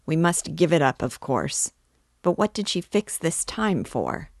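Lady reading as a pushy young student guy, urgent, low voice, slow. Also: big pitch swings, creaky, no echo, studio quality, exaggerated voice. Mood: puzzled. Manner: urgent, insistent. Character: eager young male law student.

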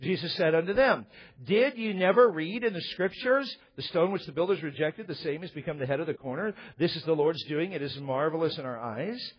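Pastor, male, husky, slightly high-pitched, emphatic preaching delivery, dull lo-fi recording. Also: animated, fairly quick. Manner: emphatic preaching, voice rising and falling in bursts. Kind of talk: sermon.

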